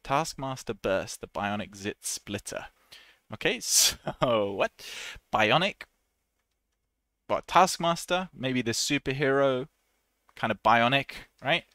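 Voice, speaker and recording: A man teaching an English lesson in a chatty, relaxed way, laughing often and acting out short example voices. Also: mid-range voice, slow pace, long pauses, no echo. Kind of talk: casual online English lesson.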